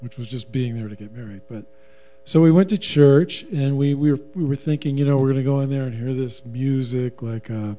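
A man's voice: medium pitch, fairly quick, mellow. A middle-aged man telling a personal story in a casual, wry, humorous way. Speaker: guest, husband, former professional musician.

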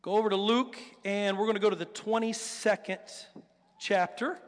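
High bright-voiced preacher in a reverberant hall. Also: male voice, moderate pace. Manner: animated storytelling, acts out quotes, rhetorical questions. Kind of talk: sermon.

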